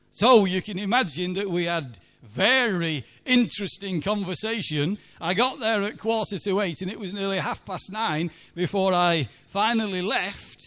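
A man's voice: sits high, expressive, measured pace, fairly bright tone. A church minister telling a chatty story in a sermon and asking his listeners for agreement. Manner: chatty, anecdotal, asks the congregation for agreement.

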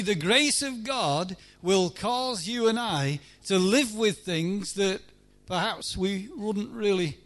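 A man preaching a sermon at a church meeting, emphatic, swinging between loud pleading and hushed lines. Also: sits high.

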